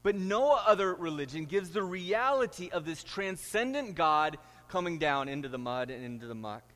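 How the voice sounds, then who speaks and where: A man's voice: on the high side, lively intonation, moderate pace, a bit bright, in a large hall. A middle-aged man, a pastor, preaching a sermon and telling stories with rising, emphatic delivery. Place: church sanctuary.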